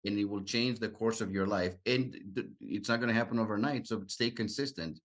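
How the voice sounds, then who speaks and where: A man hosting a podcast interview, earnest and encouraging, with halting restarts. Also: fairly low pitch. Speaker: podcast host. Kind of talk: interview conversation.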